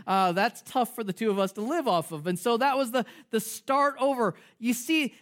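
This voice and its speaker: A man preaching a conversational sermon as pastor. He jokes, asks rhetorical questions, and restarts his sentences a lot. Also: very high voice. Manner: animated, joking, rhetorical questions; frequent fillers and restarts.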